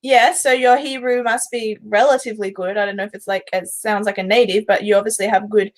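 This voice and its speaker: A woman's voice: medium pitch, fairly even intonation, brisk. Chatty woman host. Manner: chatty, laughs easily. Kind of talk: casual interview chat.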